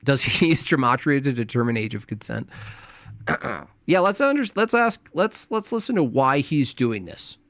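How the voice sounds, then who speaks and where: A man's voice: medium pitch, big pitch swings, moderate pace, a bit bright, dry recording. Mocking man in his forties, dry sound. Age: 40s. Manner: mocking, taunting, argumentative. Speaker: streamer reacting to clips. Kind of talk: combative live-stream commentary.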